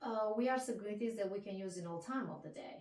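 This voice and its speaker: A woman with a warm Italian accent explains her language in lively, gesturing English, stopping and restarting as she searches for words. Her voice sits at a middling pitch. It sounds like a roomy space, picked up from a mic set back from her. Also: far from the mic. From Italy. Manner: expressive, animated, halting English with many restarts. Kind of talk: conversational interview.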